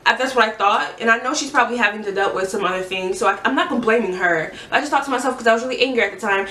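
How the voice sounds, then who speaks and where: A young woman telling her own story in a halting, earnest way, restarting her sentences often. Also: a little high, pushed and bright. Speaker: vlogger sharing a personal story. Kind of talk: candid personal testimony. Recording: echoey room, mic at a distance.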